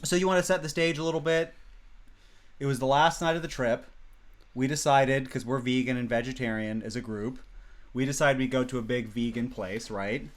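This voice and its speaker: A man co-hosting a casual chat, telling stories in an animated way with bursts of laughter. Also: mid-range voice, moderate pace. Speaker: podcast co-host.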